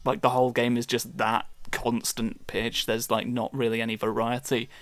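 A man's voice: mid-range voice, little pitch movement, normal speed, fairly bright tone, no room sound. Rambling man, dry close sound. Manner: rambling, self-deprecating, sweary. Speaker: podcast co-host. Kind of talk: casual chat.

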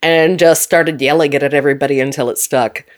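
Guest: deep-toned woman, Upper Midwest accent, chatty and quick to laugh. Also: steady tone. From North Dakota. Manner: chatty, laughs often, frequent ums. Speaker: guest scientist. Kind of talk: casual interview chat.

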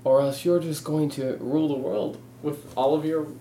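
A young man in casual comedic chat, spinning deadpan absurd tangents. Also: on the high side, moderate pace, slight background noise. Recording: roomy echo.

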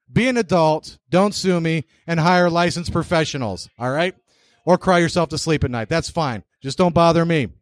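A man's voice: high-pitched, dry recording. A man hosting an investors' meeting in a big room, blunt and joking as he bosses the crowd through a handheld mic. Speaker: meeting host. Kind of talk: brash meeting emcee.

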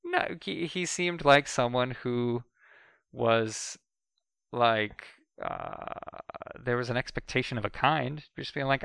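A man's voice: medium pitch, slow, vocal fry, a bit bright, clear, resonant tone, no room sound. A man co-hosting a podcast, chatting casually and rambling, often acting out what others said. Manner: rambling, restarts often, mimics others in quotes. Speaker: podcast co-host. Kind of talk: casual chat.

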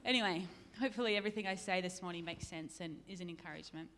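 A woman's voice: lowish voice, racing, fairly bright tone. A woman preaching a sermon in a church, chatty and self-deprecating, laughing often. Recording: reverberant church hall.

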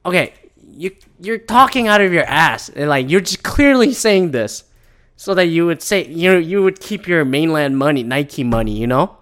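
A man with a somewhat high-pitched voice rants in a heated, profane, casual way. He keeps slipping into mocking voices to imitate others. His delivery is loose and worked up. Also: lively intonation, moderate pace, a bit bright. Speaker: commentator. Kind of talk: ranting casual commentary.

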